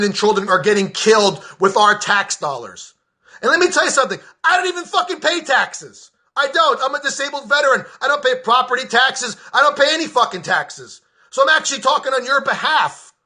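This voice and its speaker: An agitated American man tears into his subject in a high, bright voice. The tone is sharp and forceful, full of cursing and sarcasm. He is a veteran venting in a personal political rant. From United States. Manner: heated, profane, sarcastic.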